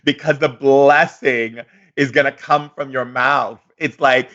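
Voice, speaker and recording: A man giving a daily spiritual lesson as a shaman, speaking theatrically with slow pauses and acted-out dialogues. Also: medium pitch, steady tone, a bit bright, muffled recording.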